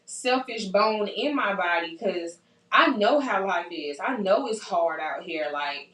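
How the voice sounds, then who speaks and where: A woman's voice: medium pitch, lively intonation, measured pace, fairly bright tone. Earnest young woman in a roomy space. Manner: earnest, encouraging, repeats herself for emphasis. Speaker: podcast host. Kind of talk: casual chat. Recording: roomy sound from a distant mic.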